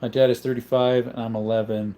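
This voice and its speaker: A young adult man hosts a casual livestream, reading out viewer comments and responding loosely and conversationally. His mid-range voice is mellow, fairly quick, and fairly flat in pitch, with slight background noise.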